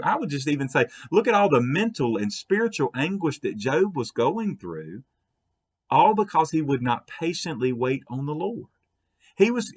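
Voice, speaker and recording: A man's voice: fairly high pitch, breathy edge. A man giving a short devotional talk as pastor, earnest, often repeating and restarting words as he builds emphasis.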